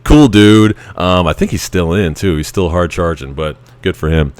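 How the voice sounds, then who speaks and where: A man's voice: low-pitched, moderate pace, darkish tone, clear, resonant tone, no room sound. A man in his thirties, a Navy veteran, telling casual stories about his service in a rambling, chuckling way with many restarts. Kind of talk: casual anecdotal storytelling.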